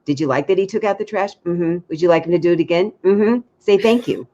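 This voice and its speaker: Lowish voiced woman coach, frank and chatty, acts out quotes, kinda dull audio. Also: fast. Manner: frank, lively advice with acted-out quotes. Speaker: dating coach. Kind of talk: casual chat.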